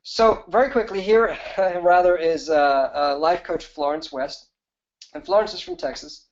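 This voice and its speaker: A man with a fairly high voice hosts a live webinar as a business coach. He pitches in a fast, eager rush, full of fillers and restarts. The audio is dull and lo-fi. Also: expressive.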